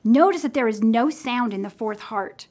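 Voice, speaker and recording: A woman's voice: a little high, expressive, normal speed, darkish tone. A woman music teacher demonstrating simple rhythm lessons for classroom teachers, counting in and singing along patiently.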